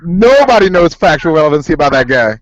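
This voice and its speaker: A man's voice: on the high side, big pitch swings, fast. A man hosting a podcast in casual chat, laughing often and swearing as he tells stories. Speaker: podcast host. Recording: dull lo-fi sound.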